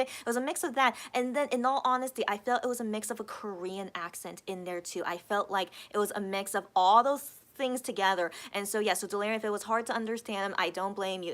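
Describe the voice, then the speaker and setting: A woman's voice: medium pitch, fairly bright tone. An American woman hosting a casual live chat, reading out viewer comments and rambling on with lots of repeated words. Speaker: livestream host.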